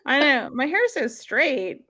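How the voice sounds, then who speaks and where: An American woman with a higher-pitched voice co-hosting a casual podcast. She rambles through her thoughts, packing her sentences with "like" and restarts. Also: sing-song, unhurried, bright, forceful tone. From United States. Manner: rambling, heavy use of "like". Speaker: podcast co-host. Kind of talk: casual chat. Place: home in rural Washington state.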